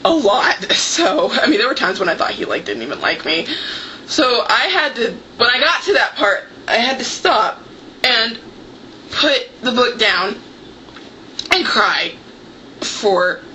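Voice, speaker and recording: Bright-voiced chatty young woman. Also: on the high side, expressive, moderate pace, a little hiss or hum, low-quality recording. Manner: chatty, heavy use of "like" fillers. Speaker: book vlogger. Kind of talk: casual chat to camera. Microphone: camera microphone.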